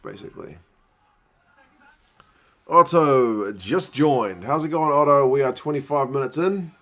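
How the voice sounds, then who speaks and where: A man's voice: mid-range voice, a bit bright. A man hosting a casual live watch-along from his living room, chatting and answering viewers' questions. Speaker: livestream host.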